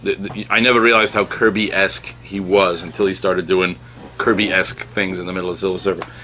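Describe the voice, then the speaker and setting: A man's voice: deep voice, level tone, fairly quick, pushed and bright, slight background noise. Rambling, stammering man reviewing comics. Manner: rambling, stammers and restarts often. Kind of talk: casual podcast chat.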